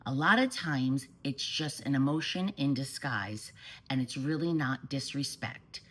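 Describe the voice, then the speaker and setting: A woman parent coach giving calm, steady advice straight to the camera. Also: extremely low pitch, unhurried, slightly rough, rough recording.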